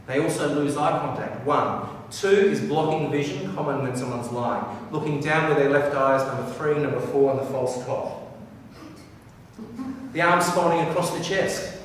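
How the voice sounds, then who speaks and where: Male speaker with a high voice, energetic and playful, working a live audience; recorded from far off in an echoey hall with faint ambience. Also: a little hiss or hum. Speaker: professional speaker. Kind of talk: live stage talk to an audience.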